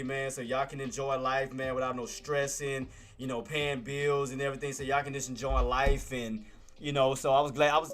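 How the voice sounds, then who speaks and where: A man with a mid-range, fairly bright voice hosts a live day-trading stream. He gives casual market commentary in a laid-back, slangy way and calls his viewers "boss" and "man."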